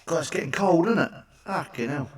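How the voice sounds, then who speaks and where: A man's voice: a little high, expressive, fairly quick, recorded from a distance. Swearing man telling crude jokes. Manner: swearing, chatty, asks the listener for agreement. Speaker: stand-up comedian. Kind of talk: crude stand-up one-liners.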